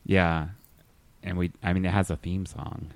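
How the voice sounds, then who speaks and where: A male podcast host doing improv comedy, hesitant and halting in his talk. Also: deep voice, little pitch movement, creaky, no room sound.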